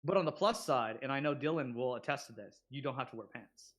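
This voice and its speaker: A man's voice: mid-range voice, fast talker. A man in casual chat with friends on a voice call, telling stories with laughter and mimicking his friends. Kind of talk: casual group chat before a game.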